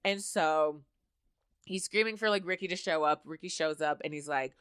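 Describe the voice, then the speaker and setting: A woman's voice: low-pitched, moderate pace, a bit bright, smooth, dry recording, clean studio sound. A young adult woman casually recapping a TV episode, chatty and full of fillers, with laughing asides. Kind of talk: casual chat.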